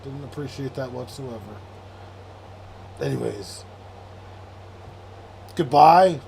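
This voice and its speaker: A man's voice: mid-range voice, slow pace, creaky, long pauses, darkish tone, slight background noise. A young man hosting a late-night sports livestream, rambling and sarcastic, with frequent swearing as he reads chat aloud. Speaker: livestream host.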